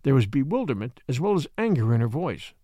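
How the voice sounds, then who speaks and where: A man reads an audiobook in a measured, expressive storytelling style. His voice is medium-pitched, and the recording is dry with clean studio sound.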